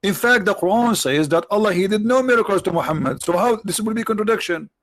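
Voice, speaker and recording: A man with non-native English phrasing hosting a livestream, mocking his subject with rhetorical questions, his voice tired and his throat often cleared. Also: high-pitched, lively intonation, fast, fairly bright tone, no echo. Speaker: livestream host. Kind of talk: mocking debate commentary.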